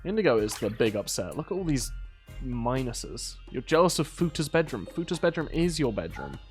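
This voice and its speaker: A man's voice: medium pitch, sing-song, moderate pace. A British man casually commentating a colony game, rambling about side topics and scolding his characters in exasperation. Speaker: gaming video host. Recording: faint game music behind.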